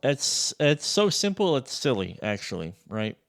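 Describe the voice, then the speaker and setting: A man demoing a sample library in a casual, excitable walkthrough, loose and swearing freely. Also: mid-range voice, a little slow, gravelly. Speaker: music producer reviewing a sample library.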